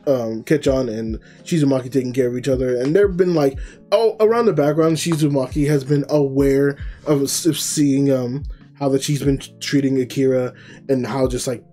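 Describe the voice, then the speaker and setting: A man's voice: medium pitch, fairly even intonation, moderate pace, dark tone, soft background music. A man reviewing anime, recapping an episode in a casual, rambling way, full of fillers and self-corrections.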